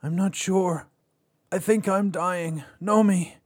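A man's voice: high-pitched, fairly even intonation, takes it slowly, voice pushed up. A man voicing a heartbroken young man who pleads with his ex, choked and breathless. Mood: pleading.

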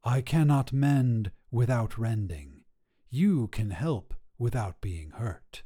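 A man voicing a cold, calm, aloof woman witch, speaking in a measured, cool way, only a little higher than his own voice. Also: husky.

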